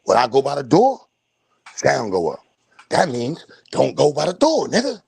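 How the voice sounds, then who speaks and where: A young adult man, hosting a casual livestream rant, loud and profane, streaming from a phone at home. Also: mid-range voice, moderate pace, creaky, husky. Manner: loud, animated, profane storytelling with bursts of laughter. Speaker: stream host. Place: at home, moving between a room and the doorway outside.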